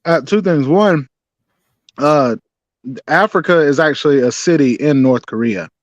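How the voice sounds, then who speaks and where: A man's voice: a little high, unhurried, no room sound. A man joins a stream as a guest and chats casually. He hesitates and loses his place mid-thought. His audio comes through dull, lo-fi and dry. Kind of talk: casual chat.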